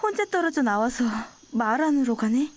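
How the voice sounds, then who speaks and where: A woman voicing a determined young woman in a game, with quick, earnest delivery. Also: high voice, expressive. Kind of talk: game voice acting.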